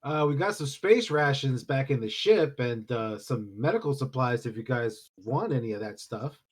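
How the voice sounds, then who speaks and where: A man's voice: mid-range voice, expressive, moderate pace, breathy edge. A man playing a tabletop game, reacting casually to dice rolls. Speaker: player.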